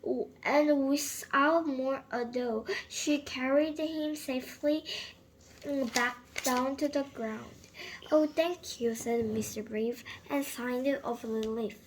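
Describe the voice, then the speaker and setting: A woman reads a children's picture book aloud, often stumbling and restarting her words. Her voice is high, and she reads at a slow pace. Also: steady tone, slight background noise, low-quality recording. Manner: halting, with frequent slips and restarts. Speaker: storyteller.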